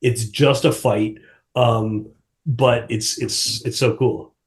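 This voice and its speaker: A man chatting as a podcast guest in a voice of ordinary pitch, loose and rambling. He strings thoughts together with many fillers and false starts. He laughs easily as he goes. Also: fairly even intonation, takes it slowly. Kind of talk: casual chat.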